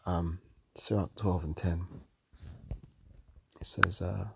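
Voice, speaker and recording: A tired man teaching from the Bible late at night, reading verses aloud and commenting on them slowly. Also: sits low, flat delivery, gravelly, noisy background. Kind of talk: scripture study talk.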